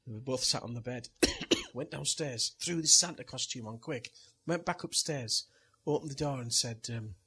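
A man's voice: mid-range voice, huge pitch swings, normal speed, bright, forceful tone, slightly rough. A middle-aged man, a pastor, telling a funny family story in a chatty sermon and laughing at it as he goes. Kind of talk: sermon with personal anecdote.

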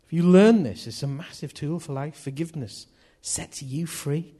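A man's voice: a little high, normal speed, mellow. A man preaching a sermon in a chatty, jokey way, laughing at himself as he tells stories.

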